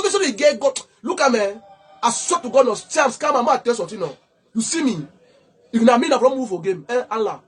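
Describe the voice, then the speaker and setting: A man's voice: very high-pitched, breathy edge. A man with a Cameroonian Pidgin English accent, an activist speaking straight to the camera in a heated, accusing way, often stuttering on repeated words. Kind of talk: impassioned direct-to-camera talk.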